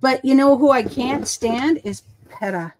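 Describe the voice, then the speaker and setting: A woman chatting casually on a live stream, telling animated stories and acting out the voices of people she quotes. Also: sits high, a little slow, slight background noise. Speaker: co-host of a live crafting stream. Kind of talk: casual chat. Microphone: live stream call.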